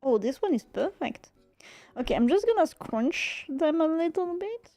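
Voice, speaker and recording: A woman's voice: high-pitched, very animated, normal speed, warm tone, no echo, faint music behind. A young French woman streaming from home, chatting casually while she crafts, swearing freely and laughing often. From France.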